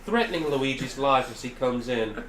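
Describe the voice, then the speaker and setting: Brief: young male podcast host, lively teasing delivery, roomy echoey room. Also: mid-range voice, moderate pace. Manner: teasing, laughing, jumps in excitedly. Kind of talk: casual chat. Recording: roomy echo, faint hiss.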